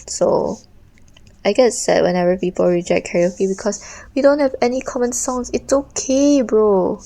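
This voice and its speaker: A woman's voice: mid-range voice, normal speed, gravelly, mellow, poor audio. A young woman, an art streamer, chatting casually and ramblingly while she draws, full of slang. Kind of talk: casual chat while drawing.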